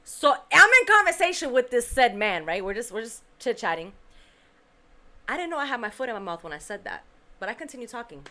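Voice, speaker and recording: A woman hosts a podcast and tells a story from her week in loose, casual chat. Her voice is bright and forward, and she acts out what people said with plenty of life. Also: a little high, a little fast. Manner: animated, acts out quotes, swears casually. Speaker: podcast host.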